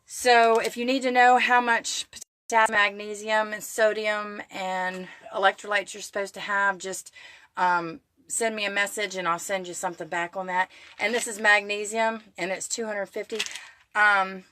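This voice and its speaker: A middle-aged woman doing a casual live stream from her home kitchen, chatty and excitable, greeting viewers by name. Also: mid-range voice, moderate pace, slight background noise. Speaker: keto cooking vlogger.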